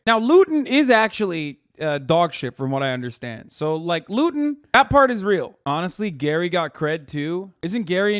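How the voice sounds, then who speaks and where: A man's voice: a little high, dry recording, clean studio sound. A man streamer in his thirties giving casual, joking reaction commentary, cursing and laughing freely. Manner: animated, joking, swears casually.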